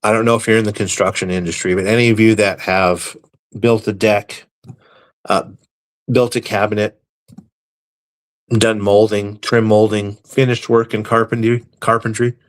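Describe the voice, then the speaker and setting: A man hosting a live stream, reading viewer comments aloud and answering them with deadpan, crude, mock-serious jokes. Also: on the low side, normal speed, long pauses. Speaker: livestream host reading chat. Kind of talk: casual live-stream banter.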